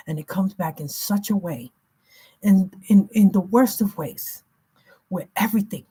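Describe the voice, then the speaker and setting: Husky woman doing a spiritual reading, emphatic and slangy, mid-pitched. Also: warm tone. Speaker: spiritual reader.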